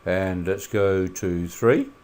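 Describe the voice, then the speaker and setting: A man teaching a maths lesson over a screencast in a relaxed way, with many filler sounds and questions put to the students. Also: low voice, slow, smooth.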